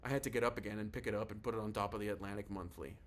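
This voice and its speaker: A man reads a novel aloud in a casual, confiding first-person voice. His pitch sits on the low side, and a faint noise runs under the recording. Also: fairly even intonation, racing. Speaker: audiobook narrator.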